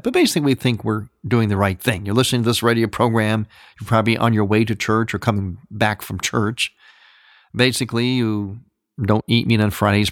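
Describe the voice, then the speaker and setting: A man's voice: lowish voice, no room sound. Man explaining liturgy on radio, dry sound. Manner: explanatory, reflective, gently emphatic. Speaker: radio program host teaching on Byzantine Catholic liturgy. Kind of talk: radio teaching talk.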